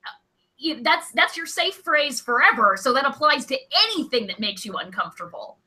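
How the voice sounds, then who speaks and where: A woman co-hosting a nerdy comedy podcast, with a high, very bright voice that swings all over the place. She talks in animated bursts and laughs easily, keeping the banter playful. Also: fairly quick. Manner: animated, giggly, jokey. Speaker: podcast co-host. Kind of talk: casual comedic chat.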